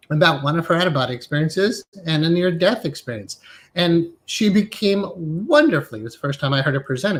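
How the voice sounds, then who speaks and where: Middle-aged male hypnotherapy teacher, somewhat high voice, reflective, asks "right?" often while guiding listeners. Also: fairly bright tone. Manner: reflective, frequently asks "right?" and uses guided inner exercises. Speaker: hypnotherapy instructor. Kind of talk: live-streamed spiritual lecture.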